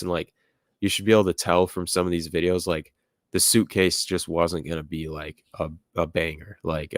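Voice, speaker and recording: A man's voice: sits low, no room sound, clean studio sound. A young man hosting a casual livestream, reading chat comments aloud and rambling with lots of fillers. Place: home room with music playing nearby.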